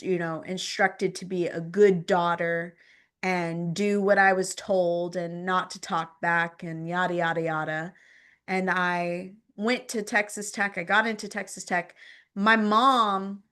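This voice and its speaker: Woman guest, middle-pitched voice, conversational storytelling, filler-heavy, repeats herself. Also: a bit bright. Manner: rambling, filler-heavy speech with frequent "like" and "um"; repeats phrases for emphasis. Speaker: podcast guest.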